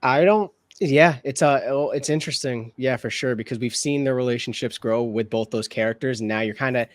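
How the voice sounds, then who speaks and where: A man's voice: mid-range voice, fairly quick, no room sound. A man co-hosting a reaction show, talking casually and thinking aloud with lots of hedges and restarts. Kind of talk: casual discussion.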